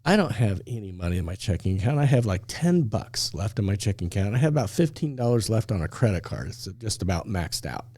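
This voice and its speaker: A middle-aged man from Indiana spins a personal story on a podcast. His voice is mellow and dark. He talks casually, laughs often and acts out every line of dialogue. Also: on the low side, very animated, fast, hardly any pauses, slightly rough.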